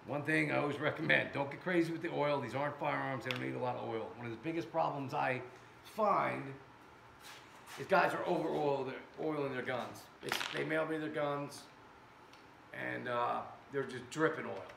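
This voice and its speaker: A man from America tests air guns in his workshop for a casual vlog, tossing joking asides to viewers. His medium-pitched voice is gravelly and a bit bright, at a moderate pace. The far-placed camera picks up an echoey room and background noise.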